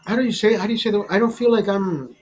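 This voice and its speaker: A man's voice: sits high, quick pace, poor audio. A man in his forties hosting a casual chat, rambling bluntly and swearing freely. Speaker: show host. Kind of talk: casual chat over drinks.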